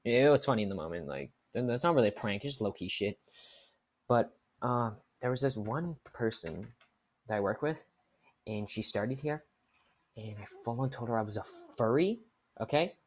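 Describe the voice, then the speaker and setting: Casting: young woman, very low voice, laid-back storytime vlogger, swears freely and laughs easily. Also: expressive, normal speed, darkish tone. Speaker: vlogger telling work stories. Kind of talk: casual storytime.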